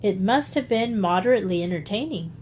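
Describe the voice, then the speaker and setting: Stern but kind storybook dad, brisk, read by a woman. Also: mid-range voice, animated, darkish tone, slight background noise, close to an everyday voice. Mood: easygoing. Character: stern but kindly middle-aged father. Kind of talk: audiobook character reading.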